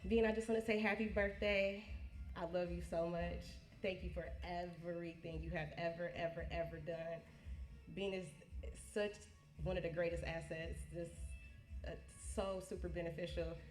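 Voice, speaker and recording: A woman speaking at a family birthday party as the honoree's niece, halting and emotional, often restarting her sentences. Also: on the low side, flat delivery, faint music behind. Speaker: niece giving a birthday tribute. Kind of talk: heartfelt casual speech. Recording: echoey room.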